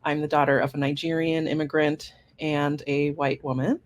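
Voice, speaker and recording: A woman co-hosting a podcast who introduces herself in a casual, conversational chat, with quick affirmations while her partner talks. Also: deep voice, level tone. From United States. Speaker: podcast co-host, career coach.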